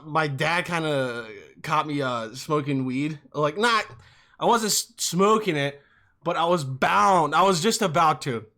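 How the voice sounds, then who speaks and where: Bright-voiced young man, rambling and profane. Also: fairly high pitch. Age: young adult. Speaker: podcast host. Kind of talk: casual comic storytelling.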